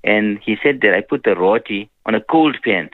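A man giving a gentle religious talk on a radio program, telling stories and peppering his speech with "you know". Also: fairly low pitch, animated, moderate pace, no echo. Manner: gentle preaching with frequent "you know" fillers. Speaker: Islamic scholar on a radio program. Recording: dry phone-line radio sound.

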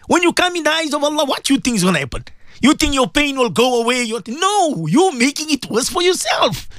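A man's voice: extremely high pitch, fairly bright tone, no room sound, clean studio sound. A man hosting a radio talk show as a Muslim cleric, telling a story with emotion and religious phrases.

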